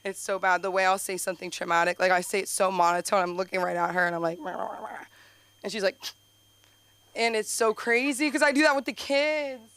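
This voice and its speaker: A young woman doing open-mic stand-up, rambling with lots of fillers and sudden high jumps in her voice. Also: fast, a bit bright, smooth, no echo. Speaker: stand-up comedian. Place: comedy club stage.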